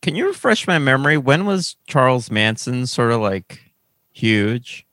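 A man's voice: medium pitch, very animated, a little slow, a bit bright, no room sound. A man on a video call who teases a friend with pointed questions. His voice is dry and close, with no room sound around it. His delivery is casual and ribbing. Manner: teasing, probing questions. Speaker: podcast co-host. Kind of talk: casual chat.

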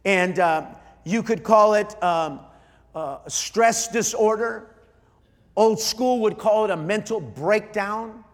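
A middle-aged man, a pastor, preaching an emotional sermon, often halting and repeating his starts. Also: sits high, in a large hall. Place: large church hall.

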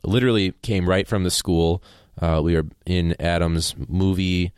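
A man's voice: low-pitched, steady tone, moderate pace, a little mellow, clean tone, no room sound. A man co-hosting a casual podcast, rambling and joking, speaking after a few drinks in a small home studio. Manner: rambling, jokey, laughs often. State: has been drinking. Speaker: podcast co-host. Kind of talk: casual chat. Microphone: podcast mic.

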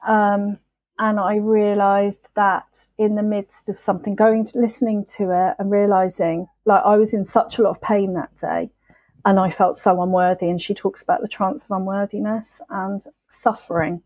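A woman on a podcast, telling her sobriety story in a candid, emotional, halting way. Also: mid-range voice, little pitch movement, a little mellow, no echo, rough recording. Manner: emotional, halting, with frequent restarts and swearing.

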